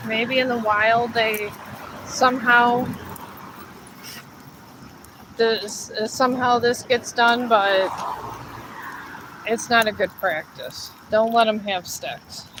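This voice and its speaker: A woman with a fairly high voice talks slowly and wearily while walking her dog up and down hills. She grumbles and coaxes the dog to keep moving. The phone recording carries plenty of outdoor noise. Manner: weary, grumbling, coaxing her dog along. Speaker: dog owner livestreaming a walk. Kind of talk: casual live vlog. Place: outdoors on a hilly street walk.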